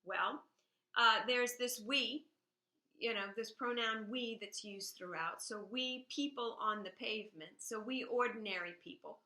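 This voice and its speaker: A woman teaching a literature lesson, her voice bright and a little high. She walks through ideas step by step and reads poetry aloud with lively emphasis. The room around her rings with echo. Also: a little slow. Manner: explains step by step, checks in with "all right?". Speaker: high school English teacher. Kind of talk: recorded classroom lecture.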